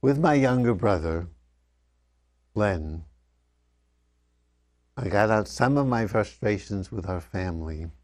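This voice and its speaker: An older man telling personal memories straight to his father, reflective, often letting his voice sink soft and low. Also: lively intonation. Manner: slow, reflective, often dropping softly. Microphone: wired microphone.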